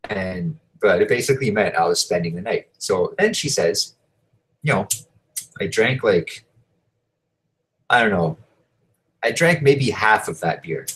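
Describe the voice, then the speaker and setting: A man's voice: deep voice, lively intonation, a little slow, pauses often, fairly bright tone, rough recording. A man hosting a show, telling a story in a casual, rambling way, swearing often and filling gaps with "like" and "you know". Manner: profane, rambling, heavy fillers. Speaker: show host.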